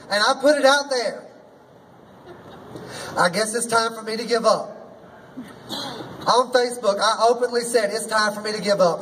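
A man's voice: sits high, fairly bright tone, distant mic, slight background noise, rough recording. A man performing as a drag queen emcee, hosting a rally with a sassy, folksy manner and rallying the crowd. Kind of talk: rally speech. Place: outdoor rally.

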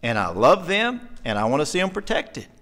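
A man's voice: on the high side, sing-song, normal speed, fairly bright tone. A middle-aged man preaching a sermon in a church, earnest and emotional, pressing his points with emphasis. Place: church sanctuary.

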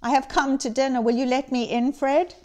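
A woman voicing an old man, a reformed miser who turns giddy and briefly feigns gruffness, in a dramatic reading. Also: high voice, a little fast, voice pushed up, close to an everyday voice. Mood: excited. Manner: excited, exclaiming. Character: old male miser turned jolly, gruff.

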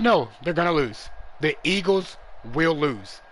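A young man streaming a football video game live, trash-talking and commentating, dropping to mutters and jumping up to yells. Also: on the high side, a little fast, few pauses, slight background noise. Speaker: gaming streamer.

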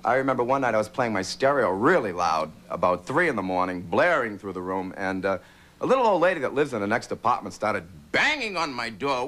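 A man from Boston doing an animated stand-up routine on a TV studio stage. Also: medium pitch, a little fast. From Boston, Massachusetts. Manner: animated, does many character voices. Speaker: stand-up comedian. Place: TV studio stage with live audience.

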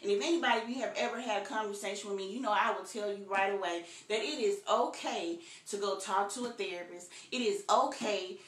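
A woman's voice: mid-range voice, brisk, few pauses, a bit bright. Woman preaching in an echoey room. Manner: earnest, conversational preaching with repeated phrases. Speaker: Bible study teacher. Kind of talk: virtual Bible study sermon.

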